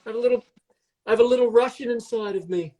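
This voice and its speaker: A man's voice: extremely high pitch, fast, warm tone. A man chatting casually on a live video stream while baking, joking and rambling in a self-mocking way.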